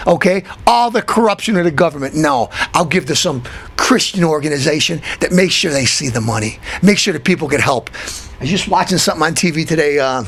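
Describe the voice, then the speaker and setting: A man hosting a show, delivering a comic rant that keeps repeating itself and jumps into high, excited outbursts. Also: fairly quick, breathy edge. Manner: ranting, repetitive, swings into high excited outbursts. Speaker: show host.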